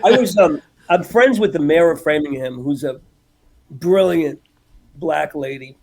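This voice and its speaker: A man, a comedian and impressionist, telling animated stories and laughing often in a casual podcast chat. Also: on the high side, unhurried, vocal fry. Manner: animated storyteller, laughs often, slips into voices.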